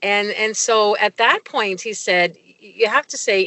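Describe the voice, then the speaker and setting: A woman's voice: medium pitch, a little slow, few pauses, sharp tone, no echo. A middle-aged woman, a guest in an interview, telling a personal story with many fillers and restarts. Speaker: guest, medical consultant.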